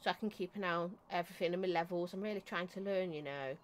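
A woman's voice: on the low side, quick pace. A woman hosting a casual live stream from home, chatty and affectionate, greeting viewers by name and coughing now and then. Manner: coughs and clears throat often. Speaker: vape reviewer and livestream host.

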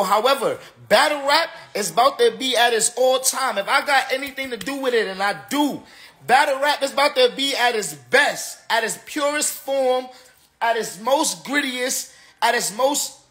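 Tipsy dude ranting on a live stream, high bright voice, keeps repeating himself. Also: male voice, lively intonation, measured pace. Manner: emphatic and repetitive, slangy. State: tipsy from drinking. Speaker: battle rapper. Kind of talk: casual livestream rant.

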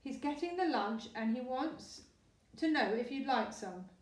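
A woman voicing an eager, cheerful young schoolgirl in a storybook reading, chatty and bright, with a distant, echoey sound. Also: high voice, expressive, a little slow. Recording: roomy echo, distant mic.

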